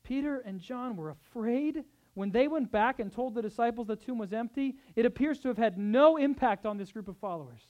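A man preaching a sermon as pastor, swinging between soft, tender passages and loud, urgent exhortation, with conversational asides. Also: extremely high pitch, animated, a little fast, hardly any pauses, lo-fi sound. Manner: acts out quoted speech in conversational asides.

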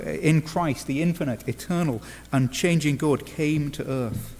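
English male preacher, earnest with dry wry asides, slightly high voice, long church reverb. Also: normal speed, darkish tone. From England. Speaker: pastor. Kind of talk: sermon.

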